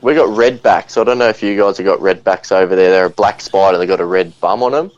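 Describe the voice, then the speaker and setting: An Australian man chats as a podcast guest, laid-back and rambling, dropping "and that" at the end of his thoughts. His voice sits a little low. The sound is dull and lo-fi, as if it came through a remote call. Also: fast talker. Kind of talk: casual chat.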